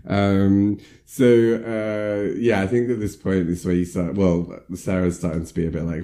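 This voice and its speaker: Deep mellow guy rambling with lots of likes and ums. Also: level tone, normal speed, hardly any pauses. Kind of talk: casual chat.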